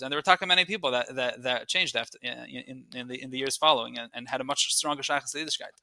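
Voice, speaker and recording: A man who researches and writes appears as a podcast guest, storytelling history in conversation with eagerness, frequent restarts, repeated words, and Yiddish and Hebrew terms sprinkled in. His voice is on the high side, bright and forceful, recorded with no room sound.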